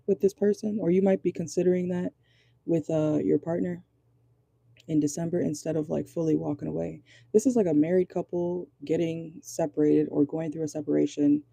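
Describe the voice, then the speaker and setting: Woman tarot reader, hoarse and gravelly, casual and profane, dark husky tone. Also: low voice, no room sound. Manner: chatty, frequent "okay?" check-ins, swears casually. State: voice going hoarse. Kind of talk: casual tarot reading monologue.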